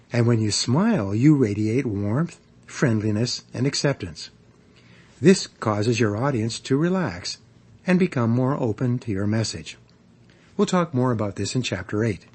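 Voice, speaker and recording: Guy reading his public speaking audiobook, kinda husky, lots of ups and downs in his voice, steady teacher tone. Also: mid-range voice. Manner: measured, instructive, varies emphasis for examples. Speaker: author narrating a speaking guide. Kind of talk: scripted audiobook narration.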